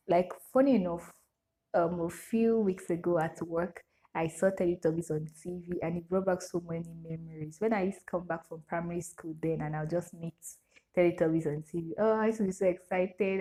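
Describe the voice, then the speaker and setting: A woman's voice: fairly low pitch, warm tone. Chatty Nigerian woman answering questions. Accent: Nigerian English. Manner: chatty, reads questions aloud then answers with frequent laughter. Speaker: vlogger. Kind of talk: casual Q&A chat to camera.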